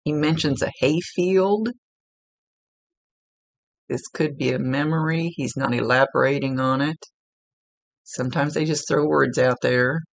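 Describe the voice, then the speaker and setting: A man working as a psychic medium, giving a relaxed, conversational reading. He is chatty, laughs easily and often corrects himself mid-sentence. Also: fairly high pitch, measured pace, creaky, long pauses.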